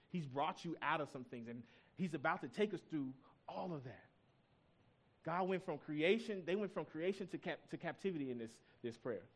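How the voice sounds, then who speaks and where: A man in his thirties preaching a sermon in a church, telling a personal story in a loose, conversational way and climbing up in pitch whenever he presses a point. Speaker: pastor.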